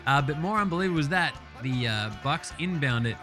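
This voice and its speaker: A man hosting a casual sports recap, ranting excitably and swearing a lot. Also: a little high, fairly quick, over music. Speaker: podcast host.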